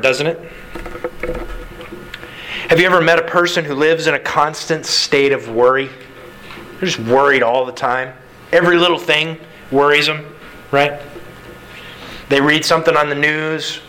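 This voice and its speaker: A male pastor preaching a sermon in an animated, conversational way, full of rhetorical questions. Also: fairly high pitch, slight background noise, rough recording.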